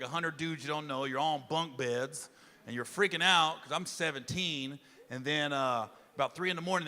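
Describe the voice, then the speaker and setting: A man's voice: a little high, bright, forceful tone. A man doing stand-up, telling a long story in a loose, profane way and acting out the voices of the people in it. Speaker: stand-up comedian. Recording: live stage, large hall with crowd laughter. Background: audience laughing.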